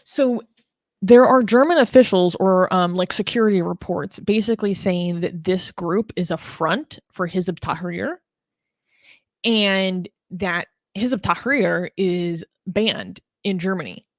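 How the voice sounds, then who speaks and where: A woman co-hosting a casual political chat show, sarcastic, laughing often and filling pauses with ums and uhs. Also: fairly low pitch, no echo, clean studio sound. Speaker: co-host.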